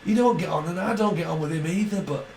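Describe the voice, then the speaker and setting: A man's voice: a little high, quick pace, vocal fry, darkish tone, echoey room, distant mic, slight background noise, pitched above the performer's own voice, rough recording. A man putting on the voice of a brash, sweary rock star who moans about his brother. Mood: moaning. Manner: swearing, self-pitying rant.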